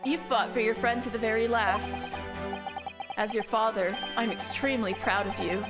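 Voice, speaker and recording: A woman voicing a dignified older father in a video game, low and measured, with game music behind. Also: fairly even intonation, lightly acted. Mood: proud.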